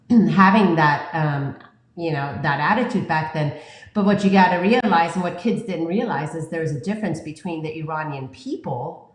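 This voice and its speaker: A middle-aged woman from Iran, a guest in an interview, telling her story earnestly and in long runs of restarts. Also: low-pitched. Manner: earnest, talks in restarts and lists. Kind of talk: casual interview, personal story. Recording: roomy echo.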